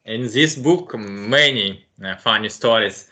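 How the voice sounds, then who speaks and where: A man's voice: on the low side, slow, bright, forceful tone. A man hosting an interview, speaking in short remarks with non-native phrasing. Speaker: host. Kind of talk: casual interview.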